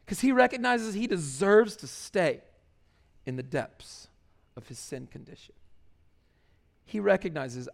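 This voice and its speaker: A man's voice: sits high, lively intonation, measured pace, creaky, long pauses. A man preaching a sermon in a loose, conversational way, full of fillers and restarts. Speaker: pastor.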